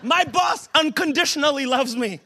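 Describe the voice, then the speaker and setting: A man pastor giving a humorous, conversational sermon at a church service, joking with the room and building to emphatic shouts. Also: extremely high pitch, normal speed, gravelly, slight background noise.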